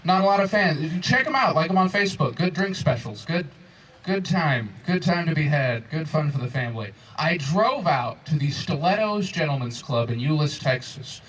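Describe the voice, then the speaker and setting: A man in his twenties doing a stand-up comedy set, telling stories with exasperated, animated crowd banter. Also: a little high, moderate pace, breathy edge, far from the mic, poor audio. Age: 20s. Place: comedy club stage before a crowd. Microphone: handheld stage microphone.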